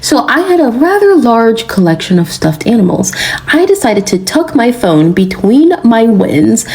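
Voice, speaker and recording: A woman's voice: fairly high pitch, very animated, unhurried, a little mellow, rough recording. Wry Southern woman telling a story. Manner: candid, self-mocking, wry. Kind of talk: casual storytime to viewers.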